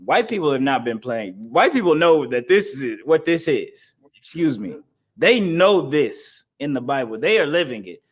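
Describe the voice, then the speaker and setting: A man's voice: fairly high pitch, very animated, moderate pace. Emphatic man teaching a scripture class. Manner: emphatic, repetitive, laughs between points. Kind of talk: preaching-style scripture lesson.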